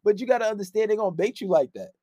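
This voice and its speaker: A man's voice: expressive, rapid-fire, dry recording, studio quality. Blunt, profane man giving dating advice. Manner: blunt, profane, swings between loud outbursts and low muttering. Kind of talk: casual advice monologue.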